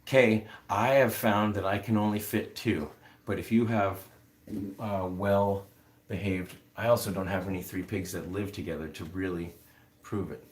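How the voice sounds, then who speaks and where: A man's voice: low-pitched, steady tone, a little slow. A man hosting a casual livestream, rambling with many fillers as he answers viewer comments. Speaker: livestream host.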